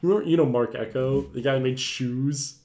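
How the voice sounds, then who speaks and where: A man co-hosting a casual film podcast, rambling excitably with lots of "like" and "right" and frequent laughter. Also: medium pitch, fairly quick. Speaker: podcast co-host. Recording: roomy echoey room.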